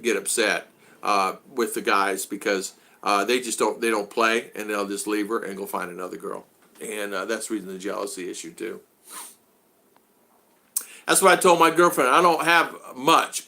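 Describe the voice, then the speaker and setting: A man chatting casually to his live-stream audience, with a bright, forceful voice. He rambles with lots of "uh"s and restarts and stops to greet viewers by name. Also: lowish voice. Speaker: vlogger hosting a live stream.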